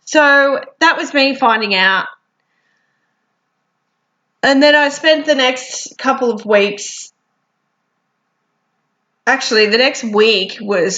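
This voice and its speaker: A woman's voice: high-pitched, slow pace, pauses often, sharp tone, dull audio. A woman, talking frankly in a personal vlog, teary and sniffly, swearing freely. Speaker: vlogger.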